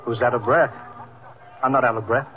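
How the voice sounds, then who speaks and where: An actor playing a shifty robbery suspect in a 1950s radio drama, answering in a defensive, evasive way. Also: male voice, mid-range voice, fairly even intonation, brisk, slight background noise, close to an everyday voice. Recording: muffled old radio broadcast with faint music.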